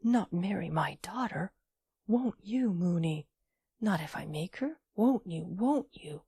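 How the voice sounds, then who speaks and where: A woman voicing a fussy old gentleman alchemist in an audiobook, with pleading, insistent delivery. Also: lowish voice, expressive, slow, vocal fry, slightly rough, no room sound, exaggerated voice. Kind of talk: audiobook character voice.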